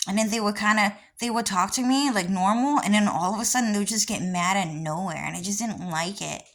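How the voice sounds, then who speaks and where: A woman's voice: mid-range voice, a little fast, a bit bright. A woman vlogger talking in a casual, rambling monologue with many restarts and frequent swearing.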